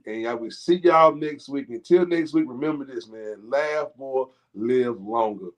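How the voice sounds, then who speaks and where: A man's voice: medium pitch, unhurried. A man hosting a casual sports talk show, teasing and joking with slangy banter.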